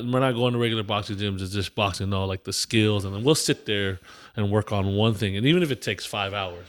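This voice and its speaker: A man co-hosting a casual podcast, telling stories in an animated way, laughing often and swearing. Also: mid-range voice. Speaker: podcast co-host. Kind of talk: casual chat.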